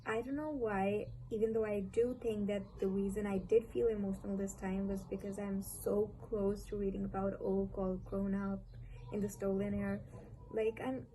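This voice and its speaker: A woman's voice: mid-range voice, flat delivery, normal speed, dark tone, low-quality recording. A young woman from Pakistan with a Pakistani English accent, chatting casually and gushingly about books on her vlog, often repeating herself for emphasis. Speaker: book vlogger. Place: home, street vendor calls outside. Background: faint street noise.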